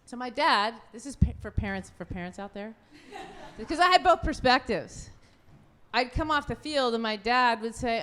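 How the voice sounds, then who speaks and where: A woman in her fifties, a former goalkeeper, telling a lively story on a live panel, laughing often and acting out quotes. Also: medium pitch, a little fast. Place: event venue.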